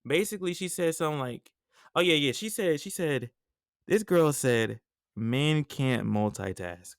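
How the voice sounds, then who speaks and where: Casting note: young male podcaster, smooth clear voice, dry close sound, slangy and animated. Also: a little high, normal speed, no echo. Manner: animated, slangy storytelling with frequent asides. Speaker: podcast host. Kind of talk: casual podcast monologue.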